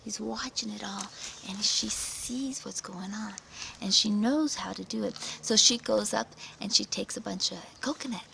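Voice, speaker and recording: A woman reviewing a children's book, retelling the story in an animated, dramatic way with gasps and whispers. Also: mid-range voice, moderate pace, creaky, slight background noise, poor audio.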